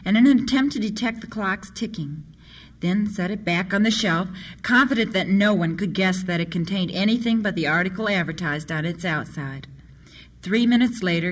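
Steady children's storyteller. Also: mid-range voice. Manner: steady, expressive reading. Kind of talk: reading children's stories aloud.

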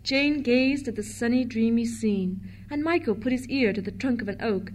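A woman reading a storybook aloud to children in a gentle, expressive way. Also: on the high side, normal speed.

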